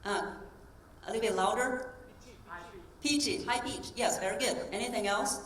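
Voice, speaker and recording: A woman's voice: fairly high pitch, normal speed, a bit bright. A woman voice coach delivers a keynote to a convention crowd, demonstrating and asking the audience questions. She is recorded from a distance in a large hall, so her voice carries a roomy echo. A faint ambient hiss sits underneath. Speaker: voice coach and speaker.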